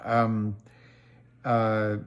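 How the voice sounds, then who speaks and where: Slow, halting male livestream host. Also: lowish voice, completely flat delivery, clean tone. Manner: slow, halting, many ums and restarts. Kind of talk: casual livestream chat reading viewer comments.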